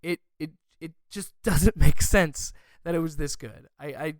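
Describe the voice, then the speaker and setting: Gushing young man, smooth and dry. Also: a little high, unhurried, no room sound. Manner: gushing, emotional, stumbling restarts. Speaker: podcast host. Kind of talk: excited movie review.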